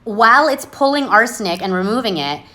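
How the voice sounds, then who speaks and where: A woman's voice: on the high side, expressive, brisk, pushed and bright. A woman hosting a casual livestream monologue, talking bluntly and sarcastically without apology. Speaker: livestream host. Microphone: phone.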